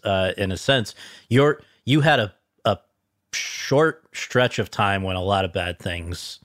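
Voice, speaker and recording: A man's voice: sits low, fairly bright tone, no room sound. A man interviewing a filmmaker, setting up long, winding questions.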